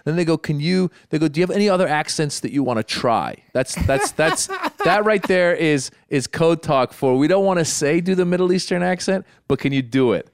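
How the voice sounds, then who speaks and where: A man's voice: fairly high pitch, sing-song, normal speed, few pauses, clean tone, no room sound, clean studio sound. A middle-aged man in casual chat, telling a long story and often restarting his sentences. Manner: rambling storyteller, many restarts. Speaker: podcast co-host.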